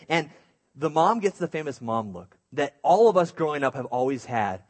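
A man preaching through a lively personal story, self-mocking and animated, with hushed asides. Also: fairly high pitch, normal speed. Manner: drops to a hushed voice for inner thoughts.

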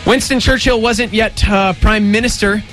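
A man's voice: high-pitched, steady tone, normal speed, a bit bright, faint music behind. A man co-hosting a casual talk show, telling facts in a playful, teasing way. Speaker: co-host. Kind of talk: casual chat.

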